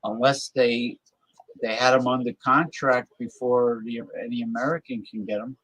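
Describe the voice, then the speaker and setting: Man, talk host, mid-pitched, rambling chatty delivery, dry close recording. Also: little pitch movement, normal speed, dry recording, poor audio. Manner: rambling, loses his train of thought; loud playful calls to listeners. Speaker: show host. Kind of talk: casual chat.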